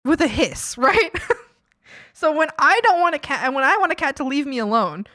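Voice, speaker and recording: Bright-voiced woman streamer chatting. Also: sits high, normal speed. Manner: rambling, animated, lots of fillers and laughs. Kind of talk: casual chat with viewers.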